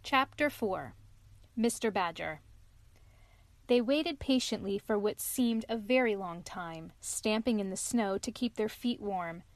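A woman's voice: medium pitch, expressive, unhurried, dry recording. Woman reading a bedtime story. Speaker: storyteller host, mother.

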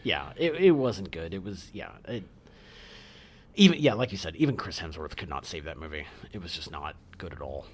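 A man co-hosting a podcast in casual chat, relaxed and agreeable. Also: deep voice, normal speed, slightly rough. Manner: relaxed, agreeing, lots of fillers. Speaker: podcast co-host.

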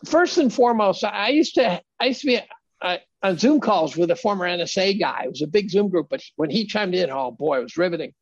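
Brief: gravelly man guest, argues hard, dull lo-fi sound. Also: sits high, animated, fairly quick, no echo. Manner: emphatic, argumentative. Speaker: podcast guest. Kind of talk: casual conversation.

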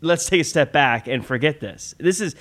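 A man co-hosting a casual podcast chat, laying out his points in a measured, analytical way with some self-deprecating humor. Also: a little high, animated, fairly bright tone. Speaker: podcast co-host.

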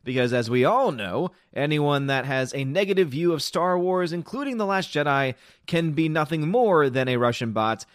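A man's voice: a little high, animated, moderate pace, dry recording, clean studio sound. Upbeat sarcastic male stream host. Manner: sarcastic, upbeat greetings to viewers. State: fighting a cold. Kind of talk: casual live stream chat, reading out chat messages.

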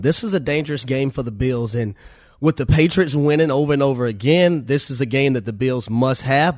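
A man's voice: medium pitch, darkish tone, no echo, clean studio sound. A man making casual, joking football picks on a sports talk show. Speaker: sports analyst.

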